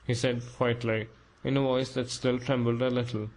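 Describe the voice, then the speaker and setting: Man, audiobook narration, measured, even, monotone. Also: mid-range voice, rough recording.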